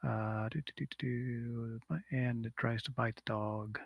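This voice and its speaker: A male game master narrates combat at an easy, slow pace, humming little filler sounds as he rolls dice. His voice has a gravelly fry to it. The sound is dry and close, with no room echo. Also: medium pitch, lo-fi sound. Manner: relaxed, unhurried, hums filler sounds while rolling.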